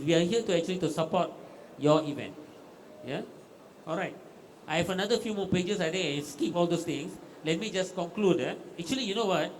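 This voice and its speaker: Malaysian official in his fifties, high voice, off-the-cuff keynote, keeps polling the audience, faint hiss. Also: poor audio. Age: 50s. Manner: rhetorical, keeps asking the audience "am I right". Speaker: government agency official giving keynote. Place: exhibition hall.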